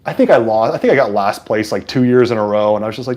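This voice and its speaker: A man from San Francisco hosting a livestream, chatting excitedly and casually as he comments on a football game. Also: fairly low pitch, quick pace. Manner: chatty and excitable, with frequent fillers. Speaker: livestream host. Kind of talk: casual live sports commentary.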